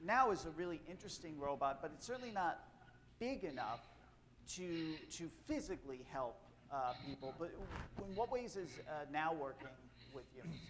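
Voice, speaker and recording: A man's voice: fairly high pitch, big pitch swings, normal speed, a bit bright, slight background noise. A man moderating a live panel on stage, talking loosely with many fillers as he directs guests and asks questions.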